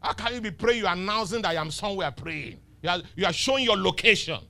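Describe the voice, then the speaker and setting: High, bright-voiced pastor preaching. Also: male voice, lively intonation, fast talker, creaky. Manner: emphatic, teasing, rhetorical questions. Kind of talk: sermon. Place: church.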